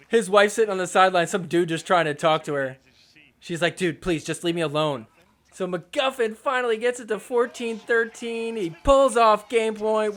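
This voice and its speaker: Sarcastic high-voiced male sports podcaster. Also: a bit bright. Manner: sarcastic, mocking voices of players. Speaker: podcast host. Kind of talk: comedic sports recap commentary.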